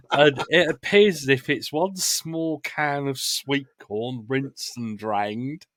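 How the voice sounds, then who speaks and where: A man's voice: mid-range voice, drawn-out words, long pauses, a bit bright, slight background noise. A man co-hosting a podcast, bantering bluntly in casual chat. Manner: dry banter, blunt and jokey. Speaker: podcast co-host.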